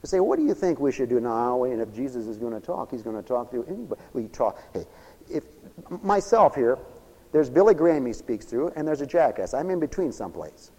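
A man preaching a sermon, swinging from loud high exclamations to low murmurs. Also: sing-song, a little fast, slightly rough, big-room sound, poor audio.

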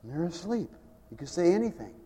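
A man preaching a sermon in an animated way, swinging from loud bursts to low mumbles. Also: fairly quick, breathy edge, long reverb tail.

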